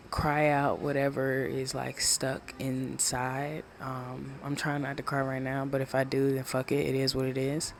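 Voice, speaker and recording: Low-key rambling late-night podcast host. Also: completely flat delivery, a little slow, few pauses, slight background noise. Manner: talking low and rambling, swears freely. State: winding down. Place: own home at night. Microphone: small handheld USB microphone.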